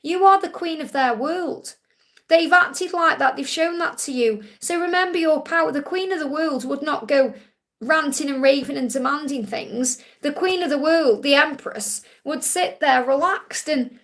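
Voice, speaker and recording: A woman's voice: high-pitched, normal speed, a bit bright. A woman hosting a live Q&A, giving spiritual readings in a soothing, reassuring way. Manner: soothing, reassuring, repeats phrases. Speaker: psychic reader hosting a live Q&A.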